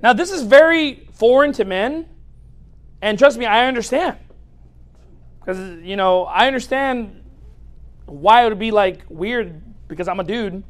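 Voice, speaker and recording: A man preaching a humorous sermon as a pastor in a church, speaking straight to the audience in a lively, joking way. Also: sits high, measured pace, long pauses.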